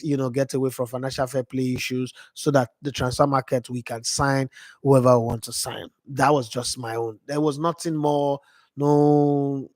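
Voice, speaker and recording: A man, his voice worn hoarse, talks on a livestream from home. He rambles and repeats himself with excitement, at a middle pitch. The sound is dry and close. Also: dry recording. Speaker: football fan streamer. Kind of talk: casual live-stream chat.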